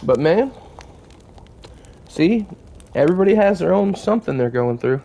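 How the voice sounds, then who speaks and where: A man streaming a game, chatting and telling a long personal story to his live chat in a relaxed, profane, conversational way. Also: high-pitched, moderate pace, vocal fry.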